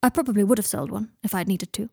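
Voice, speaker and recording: A woman's voice: medium pitch, fast talker, gravelly, mellow, breathy edge, no room sound, clean studio sound. A woman reading an audiobook and voicing a bitter, sardonic young man who talks in a cold, mocking drawl. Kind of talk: audiobook reading of fan fiction.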